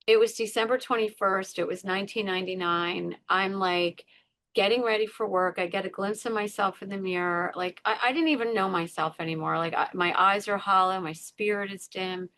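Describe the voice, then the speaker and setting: An earnest middle-aged woman talks through a personal story as a podcast guest. Her voice sits at an everyday pitch, and she leans on repeated words and acts out the voices in her head. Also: steady tone, a little fast, fairly bright tone.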